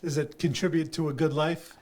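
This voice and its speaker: A man with a fairly high voice co-hosts a casual podcast. He trades jokes and teasing banter with his guest. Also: level tone, a little fast, darkish tone. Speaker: podcast co-host.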